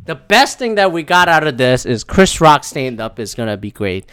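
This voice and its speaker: A man's voice: fairly high pitch, big pitch swings, normal speed, few pauses, a bit bright, clean tone. A man from Philadelphia hosting a solo podcast, ranting profanely and animatedly and laughing between thoughts. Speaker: podcast host.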